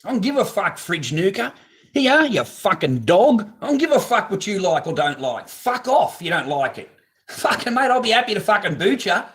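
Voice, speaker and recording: A man's voice: high voice, sing-song, fairly quick, fairly bright tone. A man hosting a live stream from his garage on a phone camera, talking casually in a blunt, profane, ranting way. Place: home garage.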